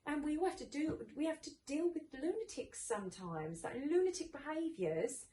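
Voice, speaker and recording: A woman's voice: high-pitched, moderate pace. Candid woman in an echoey room. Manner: candid, animated, swears freely, acts out voices. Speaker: podcast host, mum. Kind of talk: casual chat. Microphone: distant mic in an echoey room. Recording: roomy echo, distant mic, faint noise.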